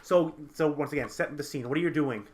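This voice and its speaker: A man running a tabletop game as game master, explaining rules in quick, halting bursts with many restarts. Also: a little high, darkish tone.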